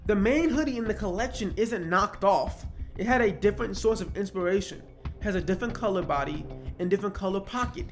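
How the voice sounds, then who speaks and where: A young man giving casual, animated commentary on online drama, joking around with slang and swearing. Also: high voice, quick pace, faint music behind. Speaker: YouTube commentator.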